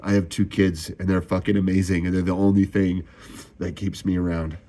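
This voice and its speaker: A distressed young man talks straight to camera in a raw, confessional way, swearing and sighing often. His voice sits on the low side and climbs when he gets upset. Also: little pitch movement, fairly quick, warm tone. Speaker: vlogger. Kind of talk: emotional confessional monologue.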